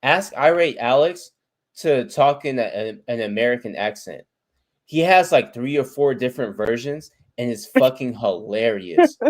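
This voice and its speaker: A man streaming a casual chat, animated, swearing freely and laughing often. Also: medium pitch, normal speed.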